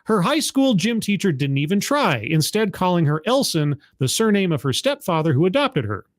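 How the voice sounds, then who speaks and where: A man's voice: high voice, very animated, normal speed, no echo, clean studio sound. A man hosting a stream, reading a news article aloud and commenting on it in a sardonic, rambling way, stumbling over names and restarting words. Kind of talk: casual commentary on a livestream.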